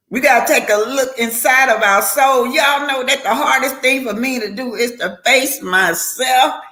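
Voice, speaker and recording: A woman's voice: a little high, sharp tone. Older woman, heartfelt preachy stream talk. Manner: heartfelt, preachy, stumbling restarts. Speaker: live-stream commentator giving life advice. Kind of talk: casual live-stream talk.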